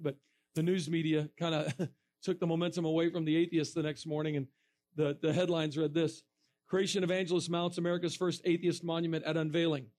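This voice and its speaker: A man preaching to a room of students, telling a story with lively acted-out quotes and bursts of laughter. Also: a little high. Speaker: evangelist speaking to students. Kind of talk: storytelling sermon.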